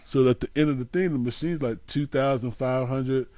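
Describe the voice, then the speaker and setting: A man's voice: medium pitch, normal speed, no echo. Storytelling young man, dry sound. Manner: storytelling, acts out quotes loudly. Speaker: co-host. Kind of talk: casual chat.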